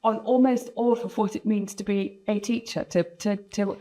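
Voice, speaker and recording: A woman's voice: medium pitch, steady tone, moderate pace, mellow, rough recording. A woman speaking on a conference panel with passion and emphasis. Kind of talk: panel talk.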